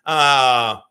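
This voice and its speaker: A man in his fifties hosting a live jewelry sale, chatting loosely and breaking into rapid auctioneer chant. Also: medium pitch, bright, forceful tone, clear, resonant tone. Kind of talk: live-stream sales chat.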